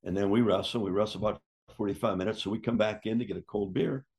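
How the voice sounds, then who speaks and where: A man's voice: lowish voice, quick pace, breathy edge. An older man, a former wrestler, casually telling a story, acting out what people said and swearing freely. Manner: lively yarn-spinner who acts out quotes and swears freely.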